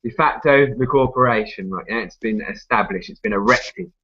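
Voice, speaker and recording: A man's voice: medium pitch, sing-song, normal speed, creaky, slightly rough, dull audio. A man, arguing at length in a casual group discussion, full of tag questions, restarts and swearing. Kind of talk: rambling casual argument.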